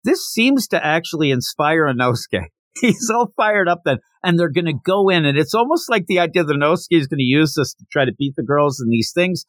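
A male podcast host giving a casual, animated recap of a comic chapter and retelling the characters' dialogue. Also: a little high, brisk, dry recording.

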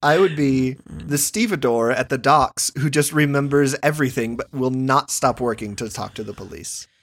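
A man's voice: mid-range voice, moderate pace. Brief: male co-host, playful, dry delivery. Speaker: podcast co-host. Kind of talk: casual chat.

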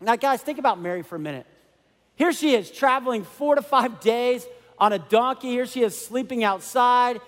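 A man preaching a sermon as a pastor, animated and conversational, with many asides to the congregation. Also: extremely high pitch, moderate pace, big-room sound.

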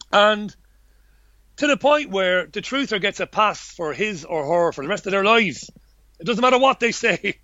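A high, pushed, bright male voice with no room sound comes from a man being interviewed casually about his journalism work. He rambles and talks bluntly, restarting often and dropping the odd swear word, and the recording is dull, lo-fi, and dry.

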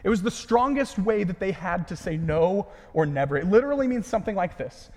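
Male pastor, high voice, earnest delivery that falls to a hush at phrase ends, long reverb around him. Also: expressive, brisk. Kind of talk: sermon.

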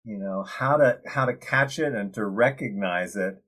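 A man's voice: fairly low pitch, normal speed, fairly bright tone. Friendly male interview host. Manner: friendly, laughs often, asks open questions. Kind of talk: conversational interview.

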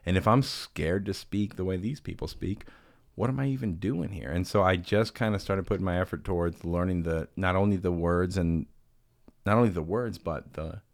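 Deep man hosting a chatty podcast, earnest, kinda self-deprecating, dry close sound. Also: moderate pace, dry recording. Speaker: podcast host. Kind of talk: casual chat.

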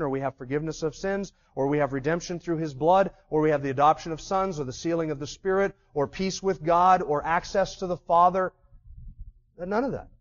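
A man's voice: sits high, a little mellow. A man preaching a sermon with passion, asking his listeners questions and acting out the people he quotes. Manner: impassioned, acts out quoted voices, asks the audience questions. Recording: slightly dull, lo-fi recording.

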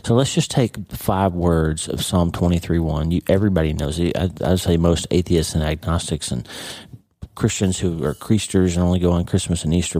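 Middle-aged male podcast host, deep mellow voice, casual devotional teacher, conversational. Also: dry recording. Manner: conversational, with frequent "okay?" and "right?" tags.

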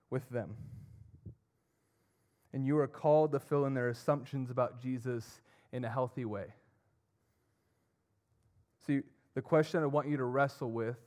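A young man preaching a sermon, earnest, swinging between emphatic and soft. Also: mid-range voice. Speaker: pastor.

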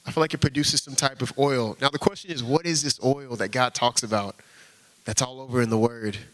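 A man's voice: medium pitch, brisk, fairly bright tone, low-quality recording. A man preaching an informal sermon, earnest and conversational, often slipping in casual fillers as he talks.

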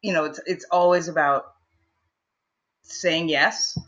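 Brief: woman guest, chatty storyteller, bright forceful voice, dull muffled recording. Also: sits low, steady tone, takes it slowly. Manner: chatty, many fillers and restarts. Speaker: guest, actress and improv performer. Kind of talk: casual storytelling interview.

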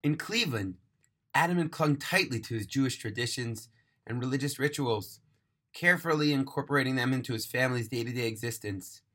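A man narrating a moving story aloud, earnest and emphatic, slowing down on key phrases. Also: mid-range voice, sharp tone. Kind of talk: dramatic storytelling read-aloud.

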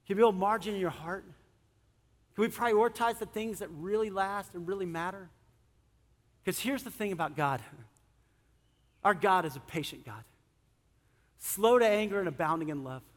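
A man's voice: high-pitched, fairly bright tone. A middle-aged male pastor preaching a conversational sermon, acting out inner dialogue and chuckling often. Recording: long hall reverb in a church.

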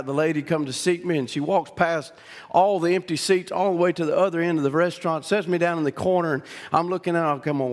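Preaching with a Southern accent, this middle-aged Louisiana man tells his sermon like a folksy story, full of restarts and climbing to shouted peaks. His voice sits a little high, and the sound is that of a big room.

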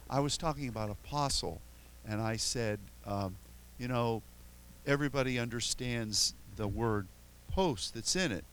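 A man's voice: mid-range voice, poor audio. An older American man, a pastor, telling rambling, self-mocking stories with many restarts before his sermon. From United States. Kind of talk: anecdotal sermon storytelling.

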